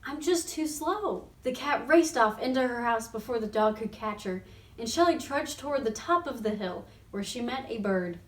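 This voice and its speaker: A woman reads a children's story aloud with great animation, her high voice rising and falling freely. The recording sounds roomy, and her voice comes from some distance off the mic. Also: normal speed. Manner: expressive, animated. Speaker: reader of a children's book. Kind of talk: storybook read-aloud on radio.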